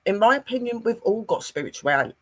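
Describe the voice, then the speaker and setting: An unhurried host welcoming everyone to an online talk show on spirituality, voice sitting a touch above the middle. Introductions come at an easy, drawn-out pace. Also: female voice, fairly high pitch, sing-song, a bit bright.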